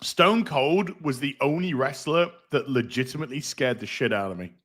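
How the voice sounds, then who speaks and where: A man's voice: mid-range voice, lively intonation, normal speed, fairly bright tone. Man, middle-aged, livestream host, casual rambling chat, swears freely, reads donations.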